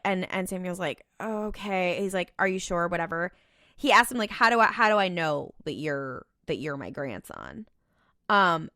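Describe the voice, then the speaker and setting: A woman co-hosting a podcast, recapping a TV episode in casual chat and quoting characters in quick asides. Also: medium pitch, bright, forceful tone, no echo, clean studio sound. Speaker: podcast co-host.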